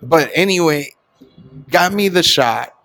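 A man's voice: fairly high pitch, slow pace, vocal fry. A man, a stand-up comedian, chatting casually and acting out quotes as he tells stories, with plenty of swearing. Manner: animated storyteller, swears, acts out quotes. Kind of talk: casual chat.

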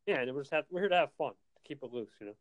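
A man's voice: a little high, expressive, rapid-fire, dry recording. A young adult man co-hosting a casual chat, upbeat and eager. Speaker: podcast co-host.

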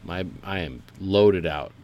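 A man co-hosting a podcast, telling playful deadpan stories in casual comedic chat. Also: deep voice, slow pace, lo-fi sound. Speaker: podcast co-host.

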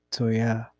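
A man's voice: medium pitch, darkish tone, no echo. A young man casually telling a rambling, profane story about his past. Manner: rambling, profane, laid-back.

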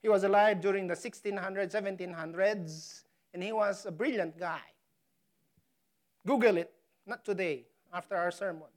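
A woman preaching a sermon, stressing key words hard and pausing for effect. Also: medium pitch, darkish tone. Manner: emphatic, dramatic pauses on key words; slow, deliberate delivery. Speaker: pastor.

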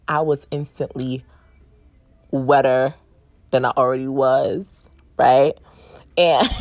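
A woman's voice: low-pitched, a little mellow, no echo. A woman hosting her own podcast and telling a story in a frank, profane, casual way, laughing often. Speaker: podcast host and sex coach.

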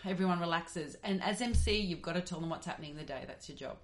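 A woman's voice: fairly low pitch, fast talker. Enthusiastic Australian woman podcast guest. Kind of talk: casual podcast chat.

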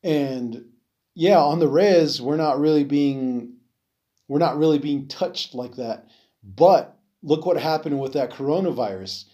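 A man's voice: a little high, unhurried, warm tone. A man hosting a solo podcast, talking casually and rambling with many fillers, restarts and some swearing. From Navajo reservation. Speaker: podcast host.

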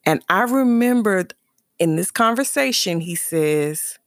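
A woman's voice: medium pitch, animated, unhurried, dry recording, studio quality. A woman candidly telling a personal story about her son and his father, earnest and emotional, often restarting and repeating phrases. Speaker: mother sharing a personal story.

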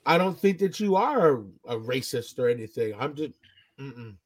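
A man's voice: mid-range voice, animated, moderate pace, crowd noise. A man co-hosting a podcast who tells a story in a laid-back, joking way with cheeky asides. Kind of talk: casual storytelling chat.

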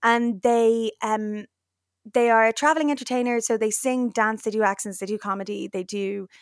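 Chatty woman, lively storyteller. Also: on the high side, normal speed, no echo, studio quality. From Ireland. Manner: lively storyteller, acts out quoted voices. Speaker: guest, actor and comedian. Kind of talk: casual chat.

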